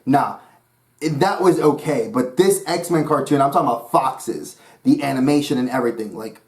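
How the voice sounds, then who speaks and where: A man's voice: mid-range voice, normal speed, a little mellow. A man from New York hosting his own channel, talking about cartoons in a rambling, enthusiastic way. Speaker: YouTube channel host. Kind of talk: casual vlog talk.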